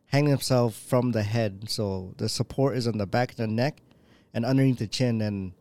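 A young man chatting casually with a playful, teasing manner. He laughs easily. His voice sits at an ordinary pitch. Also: moderate pace, a little mellow. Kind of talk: casual chat.

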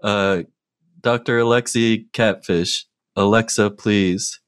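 A man's voice: on the low side, steady tone, slow, smooth. A man co-hosting a comedy stream, reading chat suggestions aloud and giggling. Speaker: co-host. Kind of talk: casual comedic banter.

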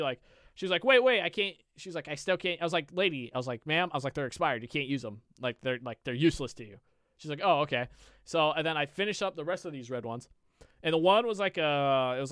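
A man's voice: mid-range voice, a bit bright, smooth, no echo. A young man co-hosting a podcast, telling a long rambling story full of swearing and "I was like". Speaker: podcast co-host. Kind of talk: casual storytelling chat.

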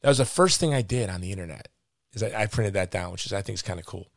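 A man's voice: lowish voice, lively intonation, fast talker, vocal fry, no echo, studio quality. A man hosting an interview, chatty and full of joking asides and stories. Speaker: host. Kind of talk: casual interview chat.

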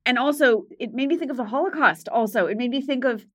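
A woman's voice: on the high side, fast. A woman co-hosting an advice podcast, reflective and asking probing questions in a casual way. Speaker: podcast co-host.

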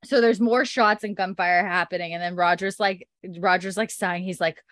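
A woman's voice: on the low side, fairly even intonation, normal speed, fairly bright tone, no room sound, studio quality. A woman casually recapping a story as podcast host, chatty and full of fillers, laughing often.

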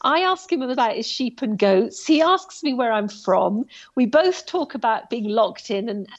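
A woman telling a story about her hike in a casual, animated way, full of asides and restarts. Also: on the high side, measured pace, dull audio. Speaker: guest recounting a hike.

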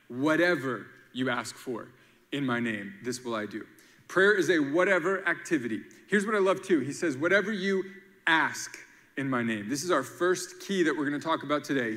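A man preaches with a bright, forward voice pitched a touch high. He is lively and playful, jumping into acted-out quotes and rhymes to drive his points home. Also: long reverb tail. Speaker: pastor. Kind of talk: sermon.

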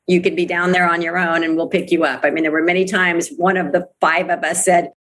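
A woman's voice: on the low side, little pitch movement, a little fast, a bit bright. A middle-aged woman speaking as an interview guest about her network marketing career, earnest and emphatic, repeating phrases for weight. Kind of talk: candid interview talk.

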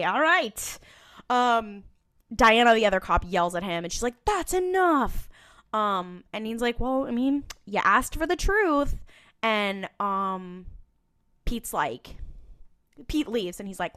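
This podcast co-host has a smooth, medium-pitched voice captured in clean studio sound without room echo. Chatting casually through a TV episode recap, she laughs a lot and bursts into animated quotes from the characters.

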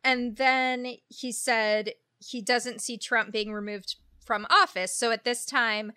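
Woman co-host, casual banter, bright higher voice, dry close mic. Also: steady tone, slow pace, clean tone, dry recording. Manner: chatty, laughs often, playful. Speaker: podcast co-host. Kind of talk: casual chat.

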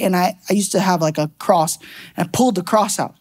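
A woman preacher giving a sermon in a church, telling a story in an animated, conversational way with bursts of laughter. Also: medium pitch, a little fast. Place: church sanctuary.

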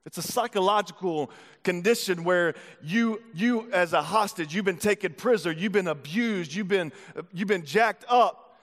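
A man's voice: high-pitched, normal speed, fairly bright tone. A man preaching a sermon, retelling a scripture story in a casual, slangy way before moving into teaching. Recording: long hall reverb.

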